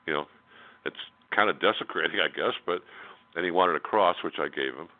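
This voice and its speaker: A man with a low voice tells a personal story as a guest on a radio interview, speaking a little fast. He is candid and blunt, full of fillers and restarts, heard over a tinny phone line.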